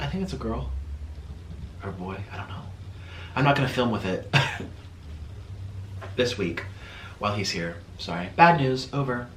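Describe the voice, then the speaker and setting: A man's voice: low-pitched, fairly bright tone, slight background noise. Upset man in an echoey room. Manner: tearful, halting, with many pauses and fillers. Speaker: vlogger. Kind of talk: emotional casual vlog talk.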